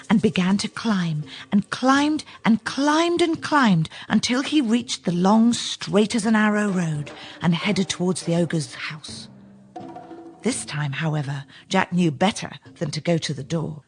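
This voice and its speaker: A woman narrating a children's fairy tale in an expressive storytelling manner. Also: lowish voice.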